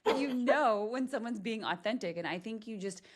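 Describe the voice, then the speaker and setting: A woman hosting a podcast interview, energetic and chatty, often tagging her points with "right?". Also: a little high, moderate pace. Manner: energetic, frequent "right?" tags, laughs often. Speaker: podcast host.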